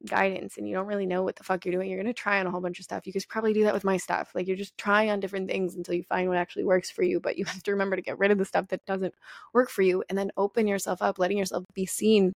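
A young adult woman hosting a solo podcast, telling personal stories in a candid, profane, animated way. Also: mid-range voice, rapid-fire, creaky, no room sound, clean studio sound. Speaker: podcast host. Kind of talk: casual solo podcast monologue.

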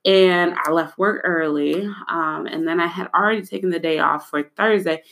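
A woman's voice: fairly low pitch, steady tone, normal speed, vocal fry, a bit bright. A young adult woman hosting a podcast, talking in a chatty, personal way and often addressing listeners as "y'all.". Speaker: podcast host. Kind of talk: casual podcast monologue.

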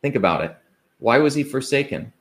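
A man's voice: mid-range voice, animated, a little fast. A man preaching an earnest, conversational sermon, asking rhetorical questions and quoting scripture. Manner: conversational, with fillers and restarts.

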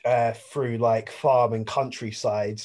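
A man's voice: medium pitch, fairly even intonation, slow, darkish tone. Casual English man, rambling. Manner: rambling, storytelling with fillers. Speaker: podcast host. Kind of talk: casual chat.

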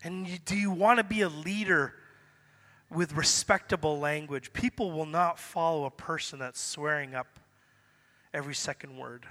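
A man's voice: a little high, moderate pace, sharp tone. A middle-aged man preaching a sermon in a casual, conversational way, acting out the dialogue from a personal story. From Canada. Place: church hall. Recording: long reverb of a church hall.

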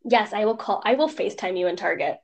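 A young woman co-hosting a casual podcast, telling stories in an animated way and mimicking strangers' voices. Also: mid-range voice, quick pace, lo-fi sound. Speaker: podcast co-host. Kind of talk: casual chat.

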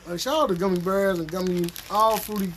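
A man in his twenties co-hosting a podcast, loud and rowdy in casual chat. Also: high-pitched, fairly even intonation, a little fast, a little hiss or hum. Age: 20s. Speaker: podcast co-host.

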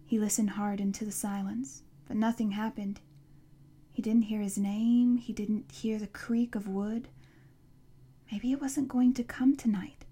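A woman narrating an audiobook in a hushed voice that drops to a whisper in tense passages. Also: medium pitch, steady tone, unhurried, slightly rough.

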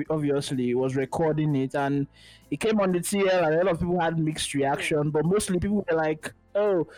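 Over a remote call, a podcast host with a darkish, rather high voice shares his opinions in a laid-back, casual way. He restarts often, and the audio quality is poor.

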